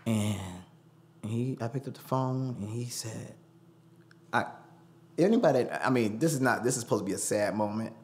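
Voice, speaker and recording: A man's voice: medium pitch, normal speed, pauses often, slight background noise. A man telling a personal story as a studio guest, acting out the voices he quotes. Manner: animated, acts out quoted voices. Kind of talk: storytelling interview.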